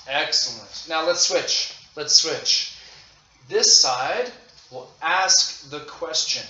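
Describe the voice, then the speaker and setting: A man teaching English to children in a demo lesson, speaking slowly and deliberately and repeating phrases for learners. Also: a little high, bright, forceful tone. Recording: roomy, dull lo-fi audio with faint noise.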